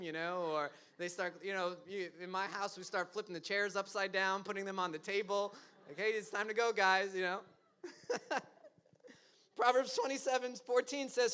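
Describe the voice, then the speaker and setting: A man's voice: high voice, pushed and bright, smooth. A young man preaching a casual, conversational sermon, laughing often and acting out quoted lines with self-deprecating asides. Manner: acts out quoted lines in funny voices. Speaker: pastor.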